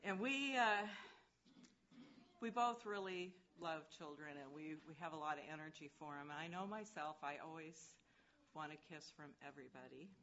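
A woman's voice: low voice, lively intonation, moderate pace, a bit bright. An older woman telling an audience a chatty, affectionate personal story, laughing now and then. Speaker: speaker sharing a personal story. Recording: dull, muffled recording with faint noise.

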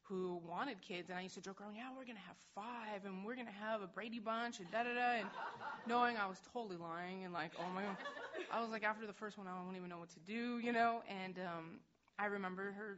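Woman speaking haltingly and candidly. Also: lowish voice, fairly bright tone. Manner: halting, with many fillers and restarts, candid. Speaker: speaker sharing a personal story. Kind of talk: personal talk to an audience. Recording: dull, muffled recording with faint noise.

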